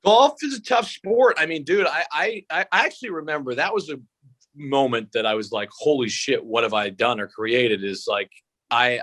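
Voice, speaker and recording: A young man appearing as a guest over a video call tells rambling, profane stories in the style of a sportscaster-comedian. His voice is medium-pitched and a bit bright, in a dry recording.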